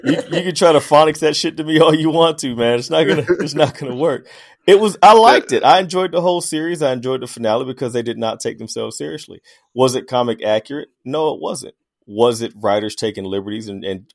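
A man co-hosting a podcast in casual debate chat, emphatic and animated, laughing as he argues. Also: medium pitch, vocal fry. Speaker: podcast co-host.

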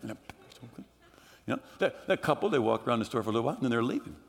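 A male pastor preaching a fervent sermon, rising to shouts at times. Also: mid-range voice, sing-song, rapid-fire, gravelly. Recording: echoey hall reverb.

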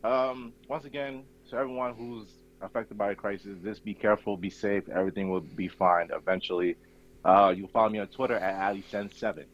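Male co-host, low voice, earnest and slow; muffled lo-fi recording. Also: steady tone. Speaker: podcast co-host. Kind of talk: casual podcast chat.

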